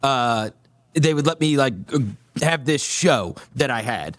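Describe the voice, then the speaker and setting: Animated man telling a story, high voice. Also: unhurried, no echo. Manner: animated, acts out quoted dialogue, many fillers like "like" and "whatever". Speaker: guest. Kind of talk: casual storytelling.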